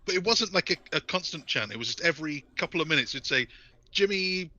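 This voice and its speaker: A man from the UK holds forth in loose podcast chat, animated and quick to laugh. His voice is strikingly bright and sits a touch high, with plenty of movement in the pitch. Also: dull audio. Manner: animated storyteller, laughs often. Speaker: podcast co-host. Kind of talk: casual chat.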